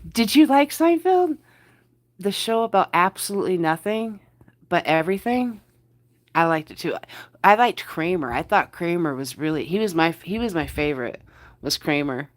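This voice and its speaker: A woman's voice: lowish voice, normal speed. A woman with a New Jersey accent hosting a casual livestream from bed, chatting with viewers, greeting them by name and repeating her words. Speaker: livestream host. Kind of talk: casual live chat with viewers. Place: in bed under the covers.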